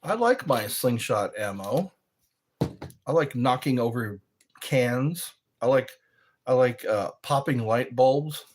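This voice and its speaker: A man hosting a casual livestream, reading viewer comments aloud and joking between them in a slow, drawn-out way. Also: mid-range voice, expressive, slight background noise. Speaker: livestream host.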